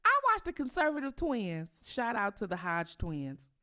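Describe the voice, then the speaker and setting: A woman's voice: mid-range voice, big pitch swings, moderate pace, pushed and bright. A woman from Detroit with a Detroit accent, hosting casual commentary, emphatic and outraged, repeating herself for effect. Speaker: commentary channel host.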